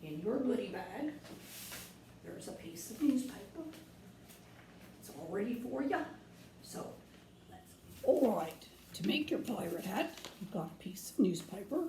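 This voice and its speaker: A warm, mid-range female voice with a sing-song lilt moves a little slowly, leaving long pauses. She plays a pirate character for a children's craft lesson, mixing corny jokes with step-by-step instructions. Audio comes from a distant mic in an echoey room, with faint noise.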